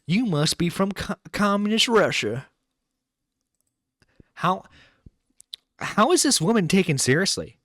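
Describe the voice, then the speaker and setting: A man's voice: high-pitched, very animated, normal speed, no room sound. A man hosting a live stream, reacting to a clip in an exasperated, incredulous rant with some swearing, close to the mic. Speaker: internet radio host reacting to a clip.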